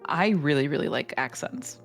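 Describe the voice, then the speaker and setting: American guy w a gravelly voice, stops and starts a lot on a stream call. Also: on the high side, expressive, fairly bright tone, faint music behind. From United States. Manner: halting, many restarts and fillers. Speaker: stream guest. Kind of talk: casual chat on a voice call.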